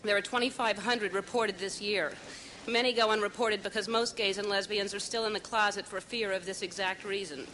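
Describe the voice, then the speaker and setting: A tearful woman giving an emotional speech at an outdoor vigil, halting and stammering through false starts at a podium microphone. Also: medium pitch, fairly even intonation, fairly bright tone, a little hiss or hum, rough recording. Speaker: speaker at a public vigil. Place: outdoors on building steps at a vigil.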